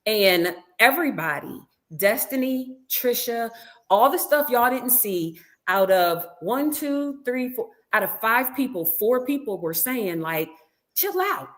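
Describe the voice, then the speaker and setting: A woman's voice: on the high side, lively intonation, unhurried. A woman guest in a casual interview, telling a story with animation and acting out what others said. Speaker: reality show cast member guest. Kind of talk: casual interview, recounting events.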